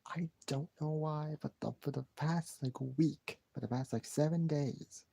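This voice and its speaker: A man's voice: fairly high pitch, measured pace, creaky, warm tone, slight background noise. A man chatting casually on a live stream, rambling and repeating himself with sighs and restarts.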